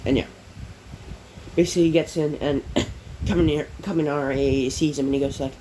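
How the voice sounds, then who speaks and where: A man with a slightly high voice narrates a fan-made story casually. He rambles, stopping for ums and correcting himself. A faint hiss lies under the recording. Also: steady tone, a little fast, warm tone, poor audio. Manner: rambling, many fillers and self-corrections.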